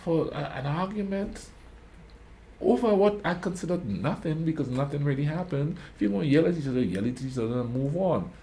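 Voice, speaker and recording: His voice sits on the high side, expressive and a little fast, with a bit of hiss or hum behind it. The man is hosting a reaction video, spinning rambling anecdotes casually and repeatedly asking "you know what I mean?" He says he's a quiet talker, offering casual storytelling commentary.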